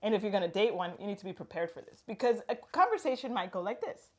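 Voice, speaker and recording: A woman's voice: medium pitch, expressive, fast talker, darkish tone. Chatty woman in her thirties. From Latin America. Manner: chatty, storytelling with quoted dialogue, laughing. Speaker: host. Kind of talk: casual chat.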